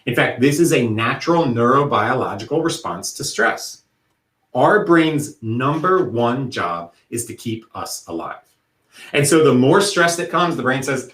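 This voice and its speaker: A man's voice: mid-range voice, lively intonation, unhurried, fairly bright tone. Man giving an echoey workshop talk. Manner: explanatory, uses vivid analogies. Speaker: workshop presenter. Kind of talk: educational talk. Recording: echoey room.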